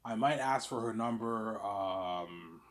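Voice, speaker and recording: A man's voice: lowish voice, slow pace. A man talking to camera in a rambling, casual monologue, stammering and repeating words as he goes. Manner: stammering, repeats words, keeps saying "obviously". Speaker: vlogger.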